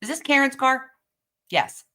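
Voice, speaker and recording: Female host, animated pitch, blunt and profane, casual commentary. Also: unhurried. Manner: blunt, swearing, incredulous reactions.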